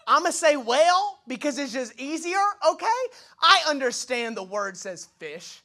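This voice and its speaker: A male pastor preaching an energetic sermon in a conversational way, with quick asides to the congregation and moments where he acts out dialogue in other voices. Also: sits high.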